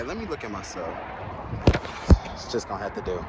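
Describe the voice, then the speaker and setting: A young man, talking casually to his viewers in a vlog from a car, excitable and swearing freely. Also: lowish voice, a little fast, pauses often, background noise. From Michigan. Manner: chatty, excitable, keeps addressing viewers as y'all, swears freely. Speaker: vlogger and stylist.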